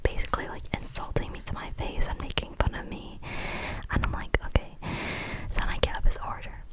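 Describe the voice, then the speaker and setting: A woman's voice: brisk, poor audio. A young woman, ranting about a bad day at work in a whispered ASMR style, chatty with lots of fillers. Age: young adult. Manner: chatty storytelling with many fillers. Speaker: vlogger.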